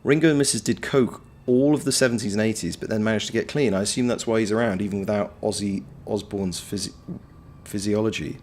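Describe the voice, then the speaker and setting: Wry streamer with a low voice. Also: male voice, steady tone, fast talker, darkish tone, slight background noise. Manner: chatty, wry, playful wordplay. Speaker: game streamer. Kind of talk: casual livestream chat, reading chat.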